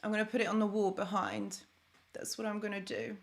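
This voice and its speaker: A woman's voice: mid-range voice, little pitch movement, brisk, creaky. A young woman chatting on a live stream, thanking viewers by name as she talks. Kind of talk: casual live stream chat.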